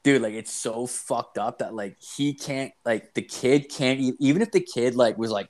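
A man's voice: lowish voice, fairly even intonation, normal speed, hardly any pauses, darkish tone. A man casually telling a story on a podcast, rambling and swearing, with frequent restarts. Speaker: podcast host. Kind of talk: casual chat.

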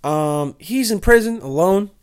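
Brief: young guy, slightly high voice, crude rambling comic monologue. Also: expressive, measured pace, clean tone. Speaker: comedic storyteller. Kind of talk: profane comedic monologue.

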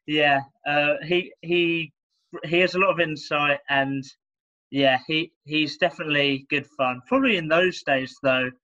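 A young man talks football over a laptop call, and the audio comes through dull and lo-fi. His voice is bright and slightly high. He speaks haltingly, restarting sentences and laughing at his own slips. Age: young adult. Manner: hesitant, stumbling, laughs at himself. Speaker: podcast co-host. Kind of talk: casual football podcast chat. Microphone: laptop on a video call.

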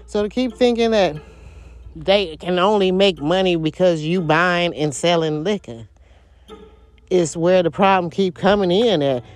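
A woman's voice: on the low side, a little slow, no echo. Blunt, foul-mouthed woman ranting. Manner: blunt, heavily profane, rambling and repetitive. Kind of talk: casual monologue rant.

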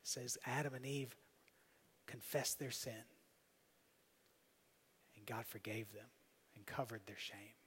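A man preaching a sermon as pastor, emphatic, swinging between loud appeals and soft, quiet asides. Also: mid-range voice, takes it slowly, pauses often, a little hiss or hum. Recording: long hall reverb.

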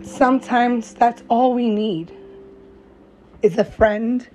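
With a fairly high, darkish voice and fairly even intonation, a young mom vlogger speaks to camera in a heartfelt monologue, blunt and profane yet encouraging, her phrasing slow and emphatic. The lo-fi recording is slightly dull, with a little hiss or hum and faint music behind.

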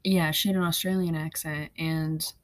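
Young woman, low-pitched voice, chatty storyteller, casual podcast talk, swears freely. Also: level tone, normal speed. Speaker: podcast co-host. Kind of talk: casual chat.

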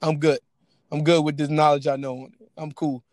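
A man co-hosting a casual podcast chat, talking in an animated way with laughs and teasing asides. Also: a little high, brisk, no room sound. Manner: animated, laughing, mocking impressions. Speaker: podcast co-host.

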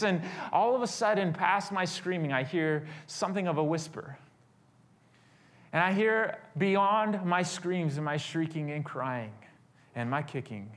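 A man preaching a storytelling sermon as a pastor, animated and swinging from loud to hushed. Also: high-pitched, unhurried.

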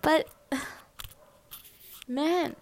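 A young woman with a fairly high voice tells a personal story in a loose, casual way. She swears a lot, fills gaps with fillers, and often sinks into a hushed whisper. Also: drawn-out words.

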